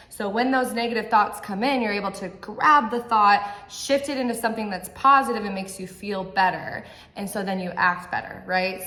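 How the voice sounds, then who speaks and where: A woman's voice: a little high, a bit bright. A woman giving a motivational talk to camera as a mindset coach, earnest and direct, often checking in with the viewer. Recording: echoey room.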